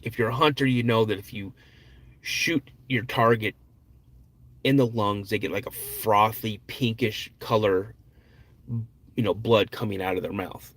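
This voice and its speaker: A man hosting a podcast, retelling an eyewitness's encounter in a slow, suspenseful way, often restarting and repeating words. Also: lowish voice, steady tone. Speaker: podcast host.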